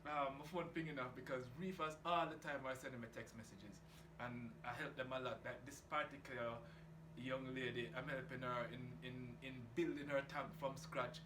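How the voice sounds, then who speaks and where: A man's voice: mid-range voice, steady tone, moderate pace. A man rambling casually about his aquarium hobby, laid-back and swearing freely. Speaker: reef tank hobbyist vlogger. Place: home room by an aquarium, door open to outside. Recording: echoey room with outdoor noise. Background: geese and outdoor ambience.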